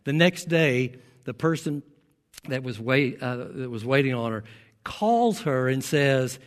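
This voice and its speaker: A man's voice: mid-range voice, expressive, unhurried, in a large hall. A man preaching a sermon as pastor. He tells stories in between and builds to emphatic exhortation. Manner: storytelling, rising to emphatic preaching.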